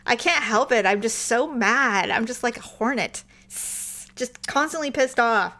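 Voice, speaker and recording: A woman in her forties co-hosting a podcast with her husband, telling stories in an animated way and swearing freely. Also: on the high side, a little slow. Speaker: podcast co-host. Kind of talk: casual chat.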